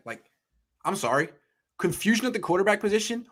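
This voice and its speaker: A man co-hosting a sports talk show, ranting in an emphatic, heated way and swearing as he gets excited. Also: a little fast. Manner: ranting, emphatic, swears, pitch jumps when worked up. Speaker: podcast co-host.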